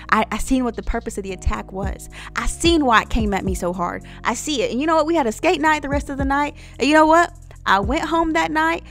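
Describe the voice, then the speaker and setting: A woman's voice: sits high, expressive, brisk, fairly bright tone, soft background music. A woman telling her own story to viewers in an earnest, preachy vlog, speaking to them directly. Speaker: Christian vlogger. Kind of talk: personal testimony vlog.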